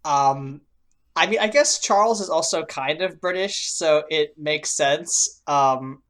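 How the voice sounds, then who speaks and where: A woman's voice: deep voice, takes it slowly. A woman co-hosting a podcast, chatting in a laid-back way about a cartoon, with lots of hedges and fillers. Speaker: podcast co-host. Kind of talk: casual chat reviewing a cartoon.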